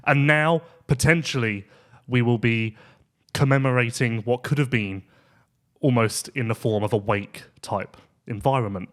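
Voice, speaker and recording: A man hosting a podcast, chatting casually and playfully and laughing easily. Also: mid-range voice. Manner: animated, playful, quick to laugh. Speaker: podcast host.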